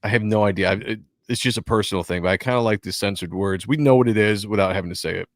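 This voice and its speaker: A man co-hosting a casual comic book review show, jokey and animated, often acting out dialogue from the pages. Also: lowish voice, quick pace. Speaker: podcast co-host.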